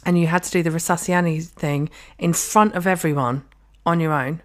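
A woman's voice: lowish voice, steady tone, moderate pace. A woman co-hosting a podcast, ranting in a casual, sweary way and slipping into mock quotes of other people. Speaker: podcast co-host. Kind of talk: casual chat.

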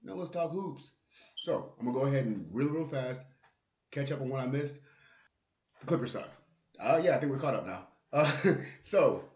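A man's voice: mid-range voice, darkish tone. A man hosting his own podcast, in a casual, profane, joking rant about basketball. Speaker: podcast host. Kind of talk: casual solo basketball talk. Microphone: close podcast mic with plosive pops. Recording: roomy, echoey room.

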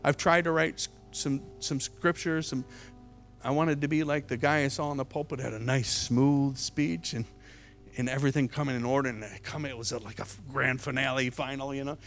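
A middle-aged man preaching an evangelist's sermon in the voice of a storyteller. His voice sits at an ordinary pitch, and his repeated words and restarts make it sound off the cuff. Soft music runs beneath him. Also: steady tone, normal speed. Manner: storytelling preacher, swings from loud to hushed.

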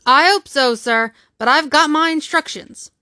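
A man's voice: very high voice, a little slow, sharp tone, dry recording, studio quality, pitched above the performer's own voice, heavily acted. Woman reading as a dogged country policeman. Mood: insistent. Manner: plain, insistent. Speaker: village policeman.

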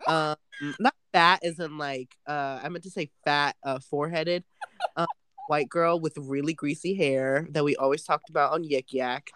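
A woman's voice: deep voice, fairly even intonation, moderate pace, a bit bright, clean tone. A young woman co-hosting a podcast, laughing and retelling school gossip in casual chat. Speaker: podcast co-host.

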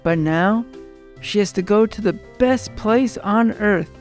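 A woman narrating a podcast in a wry, even voice. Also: mid-range voice, a little slow, faint music behind. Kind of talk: scripted narration.

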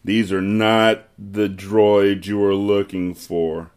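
A frightened young man pleads earnestly with his father, as a man reads his lines. The voice stays close to the reader's own low register. It belongs to a storybook reading. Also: flat delivery, slow, darkish tone, smooth. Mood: pleading.

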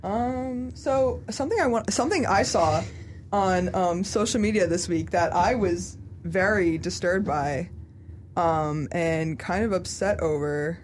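A young woman co-hosting a casual podcast, talking with lots of fillers and quick asides. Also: lowish voice, slight background noise. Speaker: podcast co-host.

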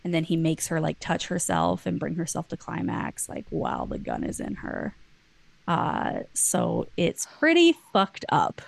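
A woman's voice: low-pitched, wildly swooping pitch, a little slow, gravelly. A woman co-hosting a podcast, casually summarizing a novel's plot with lots of "like" fillers. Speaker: podcast co-host. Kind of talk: casual book-club chat.

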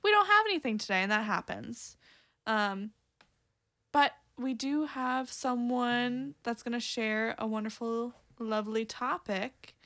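A woman's voice: on the high side, measured pace, fairly bright tone. A woman co-hosting a casual podcast, rambling and playful, laughing often. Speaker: podcast co-host. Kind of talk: casual chat.

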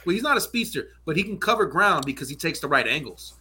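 Bright-voiced man in loose sports chat. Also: a little high, very animated, fast talker. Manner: loose, rambling, frequent "you know what I'm saying".

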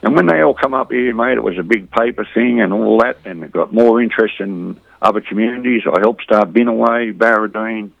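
A middle-aged Australian man with a lowish voice talks in a loose, rambling way, throwing "mate" into almost every line. The sound is dry and a bit muffled, with no room around it. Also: a little fast, vocal fry, few pauses, dry recording. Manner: rambling, says "mate" constantly, blokey banter. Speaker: boxing community volunteer, interview guest. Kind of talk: casual interview chat.

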